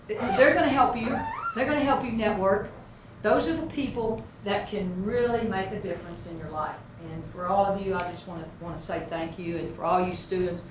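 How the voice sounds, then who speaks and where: A woman, a basketball coach giving an earnest, folksy motivational speech. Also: lowish voice. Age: 50s. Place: large hall with an audience. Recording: echoey hall, far-off mic, noisy.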